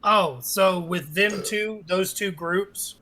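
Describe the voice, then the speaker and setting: Bright, high-voiced male player. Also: slow, a little hiss or hum, low-quality recording. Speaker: tabletop game player. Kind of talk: casual game chat.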